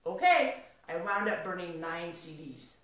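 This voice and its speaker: Woman mentor, lively storyteller, hushed to excited, heard off-mic in a very echoey room. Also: lowish voice, a little slow, distant mic. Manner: animated, swings from hushed to excited. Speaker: mentor and speaker. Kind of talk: storytelling motivational talk.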